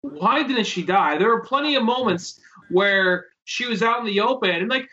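High bright man on a dull line. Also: animated, normal speed. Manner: questioning, chatty. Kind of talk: casual podcast chat.

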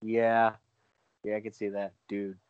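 A young man in casual chat as a podcast co-host, excitable and rambling, full of filler words. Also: fairly low pitch, measured pace, clear, resonant tone, no room sound, narrow, tinny audio.

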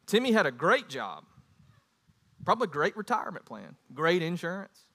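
Animated high-voiced male preacher. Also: normal speed. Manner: animated preaching, rising to loud emphatic bursts. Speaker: pastor. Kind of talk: sermon.

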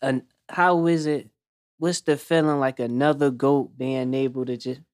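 A man hosts a podcast, asking drawn-out, measured interview questions. His medium-pitched voice has fairly even intonation and a darkish tone, recorded with clean studio sound and no room sound.

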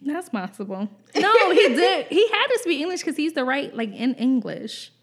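Animated young woman telling a story. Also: sits high, moderate pace. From Pennsylvania. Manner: animated, profane, laughing storyteller acting out quotes. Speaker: podcast host. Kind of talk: casual storytelling chat.

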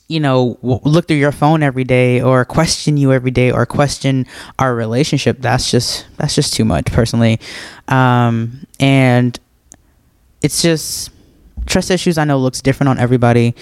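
A man's voice: mid-range voice, clear, resonant tone, no echo, clean studio sound. A laid-back young man hosting a podcast, chatting casually and answering listener questions, laughing often and leaning on filler words. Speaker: podcast host.

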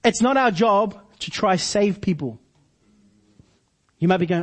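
Husky high-voiced preacher. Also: male voice, expressive. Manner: preaching with slow emphatic repetitions. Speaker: pastor. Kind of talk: sermon.

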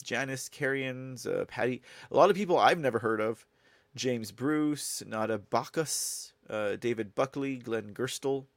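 A man's voice: mid-range voice, no room sound, clean studio sound. A man hosting a live-stream news commentary show, talking casually and rambling to his viewers. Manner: rambling, casual, talks to viewers and thanks chat. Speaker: show host.

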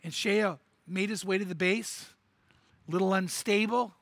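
Bright high-voiced man preaching a story. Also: a little slow, no room sound. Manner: animated, acts out the characters' lines; repeats words when telling the story. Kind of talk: sermon storytelling.

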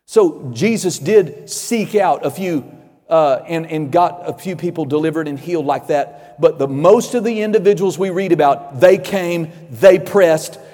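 A man preaching a sermon with fervor, building to shouts and acting out voices of Bible figures. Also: a little high, expressive, measured pace, long reverb tail.

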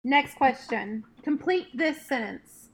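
A woman hosting a casual quick-fire question game with friends, brisk and playful as she reads out each question. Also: high-pitched, expressive, a crowd in the background.

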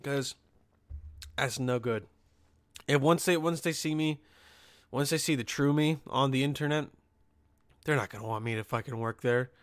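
A young man rants on his podcast in a loose, profane ramble, stumbling over restarts and tossing in "okay?" checks. His voice sits at an ordinary middle pitch, and the sound is close and dry. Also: moderate pace, long pauses, no room sound. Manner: frequent restarts and "okay?" asides. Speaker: podcast host. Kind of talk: casual podcast rant.

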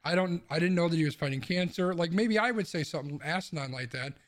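A man's voice: fairly high pitch, fast talker. A man co-hosting a sports podcast from home, ranting heatedly and swearing. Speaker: podcast co-host. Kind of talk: casual sports chat. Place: home room with windows open.

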